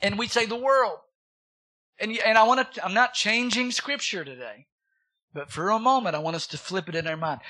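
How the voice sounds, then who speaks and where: A man's voice: high-pitched, normal speed, pushed and bright. A man in his thirties preaching a sermon, asking the congregation questions and repeating words for emphasis. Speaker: pastor.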